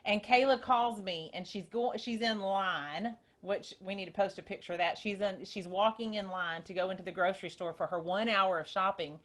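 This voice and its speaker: A woman hosting a casual group call, telling a story in an excited, rambling way. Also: mid-range voice, moderate pace, hardly any pauses. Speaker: host. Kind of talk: casual chat.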